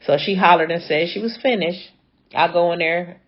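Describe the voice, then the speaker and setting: A woman's voice: lowish voice, moderate pace, lo-fi sound. A woman braider telling a dramatic story in a chatty, casual way, talking straight to her viewers. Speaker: hair braider.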